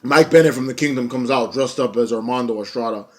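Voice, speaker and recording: A man's voice: medium pitch, fast talker, a little hiss or hum. A young man giving a casual wrestling show review, blunt and profane, ranting and mocking.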